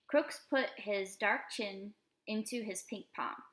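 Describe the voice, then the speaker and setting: A woman's voice: medium pitch, a little slow, hardly any pauses. A woman reading a novel aloud and voicing its characters, and she sometimes breaks off to talk to her pets. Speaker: audiobook reader. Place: room in a manor house. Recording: echoey room.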